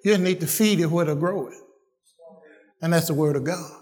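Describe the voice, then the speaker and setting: A man's voice: fairly high pitch, normal speed, a little mellow. A man preaching a sermon, emphatic and repetitive, calling out to his listeners. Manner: emphatic, repeats phrases, calls out to listeners.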